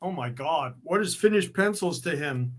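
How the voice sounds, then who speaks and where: A man's voice: a little high, lively intonation, fairly bright tone. A man showing original comic art on a live sales stream, admiring each piece as he talks. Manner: slow, admiring, musing over artwork.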